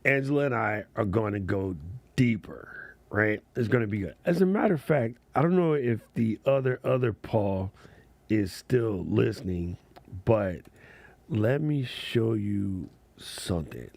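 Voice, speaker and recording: Gravelly, slow-talking male livestream host. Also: fairly low pitch, animated, darkish tone, no room sound. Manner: laid-back, slangy, laughs often. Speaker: content creator hosting a livestream. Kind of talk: casual livestream chat.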